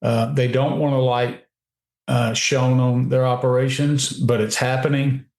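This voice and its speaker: A man's voice: mid-range voice, flat delivery, a little slow, darkish tone. Emphatic man on talk radio. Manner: emphatic, opinionated, with frequent restarts. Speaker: guest commentator. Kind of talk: radio talk show commentary. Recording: roomy echo.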